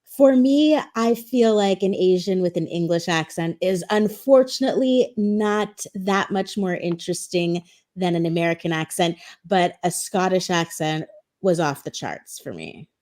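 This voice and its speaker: A woman's voice: lowish voice, expressive, measured pace, a little mellow. A woman from Louisiana chatting playfully on a live panel show, hopping from thought to thought. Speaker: panel guest. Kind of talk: casual live panel chat.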